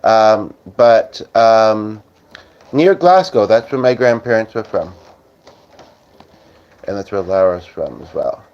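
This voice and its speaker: A man's voice: lowish voice, lively intonation, slow pace, pauses often, a little mellow, smooth. A man hosting a casual livestream, rambling with many fillers as he reads viewer comments aloud. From Canada. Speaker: livestream host. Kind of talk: casual live-stream chat. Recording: slightly dull lo-fi audio.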